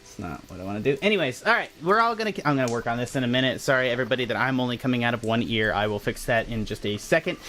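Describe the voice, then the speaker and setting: A man's voice: medium pitch, animated, racing, hardly any pauses, fairly bright tone, slight background noise. A man running a tabletop horror game on a live stream, talking casually, apologizing often and restarting his sentences. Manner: rambling, apologetic, lots of restarts. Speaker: game master.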